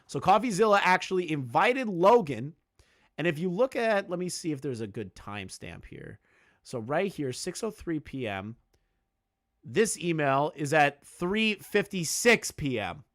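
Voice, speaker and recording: A commentary YouTuber does casual, sarcastic, mocking reaction commentary, swearing often. His voice is a little high and a bit bright, with a sing-song lilt at a measured pace. He leans heavily on fillers and repeats words whenever he restarts.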